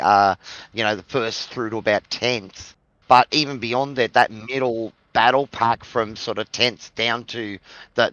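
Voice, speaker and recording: A man's voice: lowish voice, sharp tone, no room sound, lo-fi sound. An Australian man co-commentating a sim race, giving easygoing analysis.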